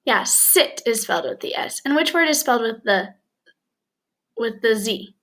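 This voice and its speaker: A woman teaching a phonics lesson to young children, speaking clearly and encouragingly and slipping in short Spanish translations. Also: a little high, animated, fairly bright tone. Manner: slow, clear, encouraging classroom delivery with bits of Spanish.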